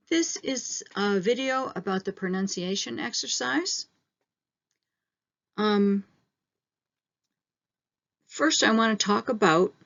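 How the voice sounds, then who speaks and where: A woman teacher in a recorded online lesson, walking through each point step by step and slowing down on the key terms. Her voice sits at a middle pitch. The audio is slightly dull.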